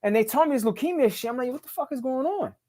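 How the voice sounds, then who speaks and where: A middle-aged man tells his story in a rapid, unfiltered stream. His talk is emphatic and full of street profanity, casual and direct. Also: extremely high pitch, expressive, warm tone. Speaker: podcast guest.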